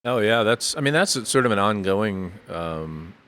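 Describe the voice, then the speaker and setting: A man's voice: fairly low pitch, animated, moderate pace, fairly bright tone, no echo, clean studio sound. A man as a brewery guest on a casual podcast, giving thoughtful, rambling explanations with frequent self-corrections and lifting his voice when he jokes.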